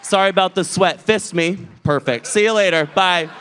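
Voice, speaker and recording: A man's voice: sits high, normal speed, fairly bright tone, a little hiss or hum. A man hosting a drag comedy show, doing stand-up crowd work on a club stage in a brash, profane way as he teases the audience.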